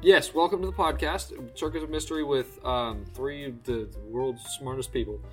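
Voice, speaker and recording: A man's voice: medium pitch, normal speed, fairly bright tone, faint music behind. A man hosting a casual comedy podcast, joking and swearing while he keeps the show on track. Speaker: podcast host.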